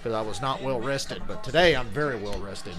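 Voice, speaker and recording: Casual man, live game reaction, chatty, cursing, mid-pitched voice. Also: a little fast, music in the background. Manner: chatty, swears casually, jokes about impressions. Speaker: reaction video host.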